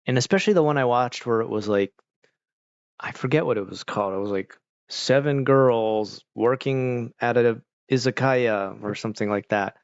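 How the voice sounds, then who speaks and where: A man's voice: mid-range voice, moderate pace, no echo, lo-fi sound. A man streaming and chatting casually with viewers, rambling, saying "like" a lot and laughing often. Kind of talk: casual chat.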